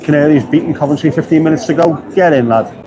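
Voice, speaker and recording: A man's voice: a little high, fast, a crowd in the background. Wry man chatting in stadium stands. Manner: dry, rambling, joking asides. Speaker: football fan vlogger. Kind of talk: casual running commentary. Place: football stadium stands, outdoors. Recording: noisy stadium ambience.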